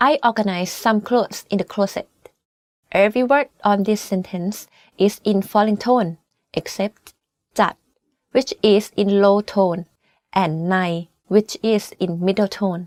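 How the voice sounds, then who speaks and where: A woman teaching Thai tones in a scripted lesson, explaining slowly and enunciating each word with care. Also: medium pitch, a little mellow, no echo, studio quality. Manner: slow, careful, clearly enunciated explanations.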